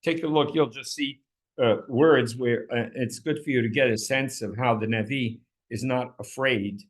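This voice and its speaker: A man's voice: fairly even intonation, moderate pace. Passionate man teaching a Bible class. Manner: passionate, voice leaps high when quoting pleas; repeats words, restarts often. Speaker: Torah teacher.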